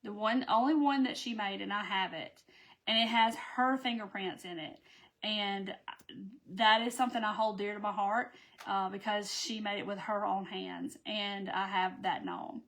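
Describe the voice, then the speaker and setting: A woman's voice: mid-range voice, steady tone, normal speed, a bit bright. A woman, chatting casually with live viewers about her clay crafts and answering their comments. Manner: chatty, folksy, says "y'all", reads out viewer comments. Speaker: craft live-stream host.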